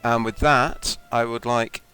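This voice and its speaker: A man at mid pitch runs a tabletop game from home. He tells the story in a steady, measured way and moves easily into rules talk. Faint music sits behind him. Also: clean tone, rough recording. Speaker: game master.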